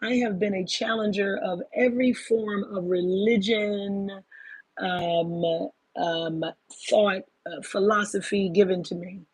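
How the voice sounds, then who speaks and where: Speaking slowly with a husky, medium-pitched voice and fairly even intonation, this spiritual talk host is a woman in her fifties. Her casual monologue is emphatic and profane, peppered with "baby" for her listeners, and the recording has no room sound.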